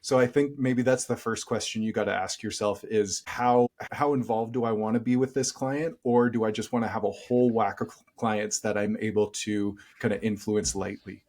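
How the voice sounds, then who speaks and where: A man co-hosting a podcast who jokes with quick references and then talks through his ideas casually. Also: lowish voice, fairly even intonation, a little mellow. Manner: joking, quick-witted. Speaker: coach, podcast co-host.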